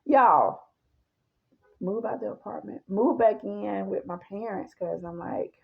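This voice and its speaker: A woman tells her personal testimony in an emphatic way and keeps turning to her listeners. Her voice has a gravelly fry, and the recording sounds dull and lo-fi. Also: medium pitch, fairly even intonation, moderate pace. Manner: emphatic, speaks straight to listeners as y'all.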